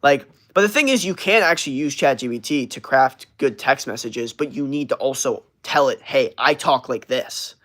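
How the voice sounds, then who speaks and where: A man's voice: mid-range voice, expressive, fairly quick, few pauses, fairly bright tone. A young man hosting a livestream, chatting casually in a brash, profane, rambling way with lots of fillers and restarts. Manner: reads and answers live chat messages. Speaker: livestream host.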